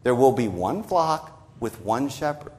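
A man preaching an expository sermon, stressing key phrases and quoting scripture slowly for emphasis. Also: big pitch swings, darkish tone. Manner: emphatic, rising on key phrases and dropping low at the ends of lines; repeats words for stress and quotes scripture in a slowed voice.

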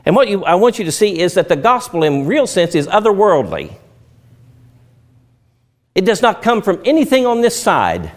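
A man's voice: high-pitched, big pitch swings, normal speed, long pauses. A man preaching a sermon, with emphatic rises and drops and folksy turns of phrase.

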